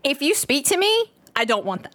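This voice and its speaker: A woman's voice: high-pitched, sing-song, normal speed, fairly bright tone, dry recording. A woman co-hosting a podcast, blunt and sarcastic, swearing casually. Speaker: podcast co-host.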